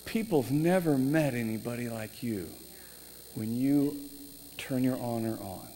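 A male preacher telling stories in a sermon, animated, with halting restarts. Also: medium pitch. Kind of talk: sermon storytelling. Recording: reverberant hall, faint noise.

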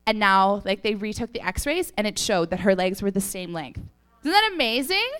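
A woman's voice: medium pitch, big pitch swings, normal speed, a bit bright, clean tone, soft background music. A young woman giving a casual testimony to a church audience, telling stories chattily with laughs and fillers, a little sniffly. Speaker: church speaker.

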